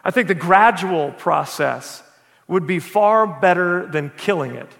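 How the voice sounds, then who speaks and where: A man's voice: sits high, expressive, measured pace, creaky, fairly bright tone, full character voice. A man voicing a flustered, evasive male ghost who stammers and apologizes while making excuses. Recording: echoey hall with long reverb.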